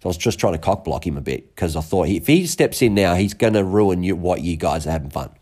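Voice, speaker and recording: A man's voice: sits low, animated, fast, warm tone. An Australian man co-hosting a podcast, telling a story in a candid, laid-back, joking way. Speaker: podcast co-host. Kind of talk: candid casual chat.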